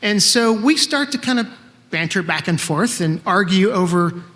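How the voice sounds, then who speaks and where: A man's voice: high voice, animated, normal speed, bright, forceful tone, long reverb tail. A man in his fifties telling a true story on stage in a conversational, wry way, acting out bits of dialogue. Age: 50s. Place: live event stage in a hall.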